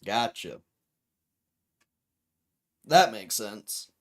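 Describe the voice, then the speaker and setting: A man's voice: fairly low pitch, sing-song, drawn-out words. A young man hosting a livestream, chatting casually and reading viewer comments with a laid-back, rambling manner full of slang. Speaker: livestream host.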